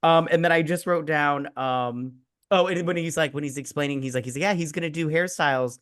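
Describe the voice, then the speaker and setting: A man's voice: fairly high pitch, a little fast, a bit bright, smooth. A man co-hosting a casual movie review chat, rambling and enthusiastic, full of fillers and quoted lines. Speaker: podcast co-host.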